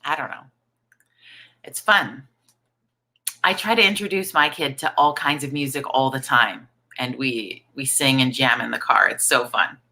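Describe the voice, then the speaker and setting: A woman in her forties hosts a live online coffee chat, croaky from the morning. Her voice sits low, yet it is bright and forceful, and she chats along in an upbeat way. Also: unhurried. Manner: chatty, upbeat, reads viewer comments aloud. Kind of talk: casual live-stream chat.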